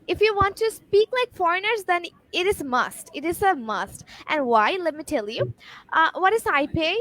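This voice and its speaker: High-voiced woman explaining pronunciation. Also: dry recording, low-quality recording. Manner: lively, emphatic explainer. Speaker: guest English speaker. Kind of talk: explaining pronunciation on a live show.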